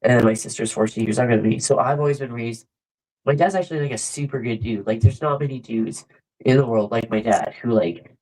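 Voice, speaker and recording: A woman's voice: extremely low pitch, fairly quick, warm tone, low-quality recording. A woman in casual chat, blunt and swearing freely as she tells stories and acts out what people said.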